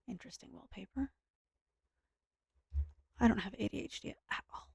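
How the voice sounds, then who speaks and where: A tired woman giving soft-spoken, rambling commentary while she plays a game, with self-deprecating asides. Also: medium pitch, steady tone, normal speed, pauses often, breathy edge, no echo, clean studio sound. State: tired, speaking softer and lower. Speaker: gaming streamer. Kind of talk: casual gameplay commentary.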